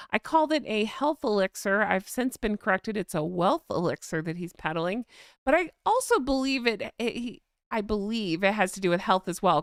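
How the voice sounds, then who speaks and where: A woman's voice: mid-range voice, vocal fry, clear, resonant tone, no room sound, studio quality. A woman hosting a casual live-stream chat, reading out viewer comments in a chatty, gushing way and laughing often.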